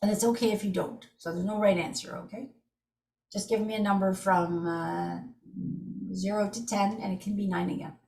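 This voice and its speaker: A woman's voice: mid-range voice, normal speed, creaky. A middle-aged woman teaching tapping in a live online workshop over a video call, speaking vividly. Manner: animated, vivid, acts out strong emotions while demonstrating. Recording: roomy and distant from the mic.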